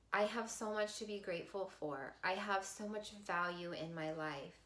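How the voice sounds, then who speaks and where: A woman vlogger telling a personal story to camera in a heartfelt, expressive way. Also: on the low side, roomy sound. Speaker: vlogger sharing a life lesson.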